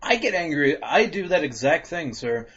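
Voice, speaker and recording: A man co-hosting a podcast in loose, profane chat. He keeps breaking into laughter and loud acted-out rants, and his fairly high voice swings widely in pitch. The recording is dull and lo-fi. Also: very animated, moderate pace. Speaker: podcast co-host.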